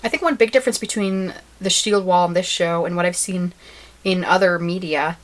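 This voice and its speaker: A woman's voice: on the low side, moderate pace. A woman co-hosting a podcast in casual chat, laughing often and sharing facts she has looked up. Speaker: podcast co-host.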